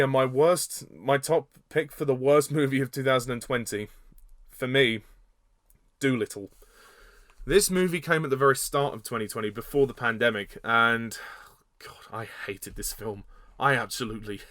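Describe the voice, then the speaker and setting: A man's voice: medium pitch, a bit bright, no room sound. A man giving a casual spoken film review, blunt and hesitant, with many fillers and repeated words. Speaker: movie reviewer.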